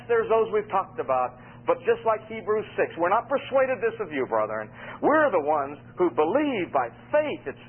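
A man preaching an expository sermon, reading scripture and explaining it with emphatic, animated delivery. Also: a little high, husky. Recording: phone-like radio broadcast.

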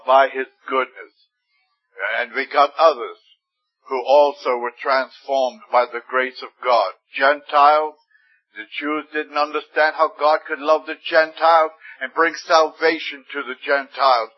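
A man's voice: a little high, steady tone, a little slow. A man preaching a sermon with fervent emphasis, his voice rising suddenly on key words. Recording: dull lo-fi recording.

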